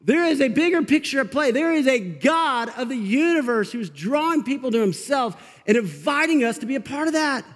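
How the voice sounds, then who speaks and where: A male pastor giving an energetic, conversational sermon in church, getting fired up and laughing as he talks. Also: very high-pitched, moderate pace, few pauses. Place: church sanctuary. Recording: long reverb of a large hall.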